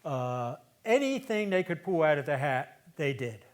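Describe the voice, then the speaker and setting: A man in his seventies performing a theatrical storytelling monologue on a stage, conversational, moving between loud emphasis and hushed asides. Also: on the high side, big pitch swings, a little slow. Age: 70s.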